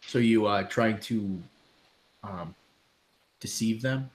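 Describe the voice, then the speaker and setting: Man with a low voice narrating a game. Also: slow pace. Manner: loose, filler-heavy narration. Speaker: game master.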